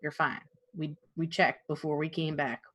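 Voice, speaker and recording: A woman player in a tabletop game, explaining things quickly and insistently. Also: sits low, steady tone, a bit bright. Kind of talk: casual tabletop play.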